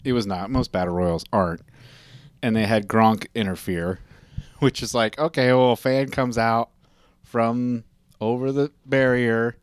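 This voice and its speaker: A man's voice: mid-range voice, steady tone, a little slow, clear, resonant tone, no echo, clean studio sound. A man hosting a casual chat, telling long rambling stories full of asides and fillers.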